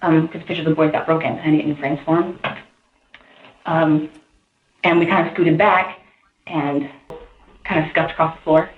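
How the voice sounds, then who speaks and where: A woman tells her account in a rambling, animated rush, piling on fillers and side details. Her voice sits low for a woman and comes through a narrow, phone-like channel with a hollow room echo around it. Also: normal speed, long pauses. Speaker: interviewee. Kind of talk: recounting events to police.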